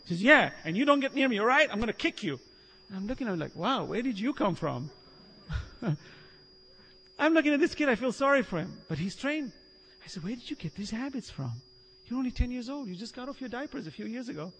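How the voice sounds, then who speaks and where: A man preaching a sermon, telling stories in an animated way, acting out the lines of the people he quotes and often laughing. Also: extremely high pitch, a little fast, vocal fry, long pauses, slightly rough. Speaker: Islamic preacher. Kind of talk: sermon with storytelling. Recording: long reverb of a hall.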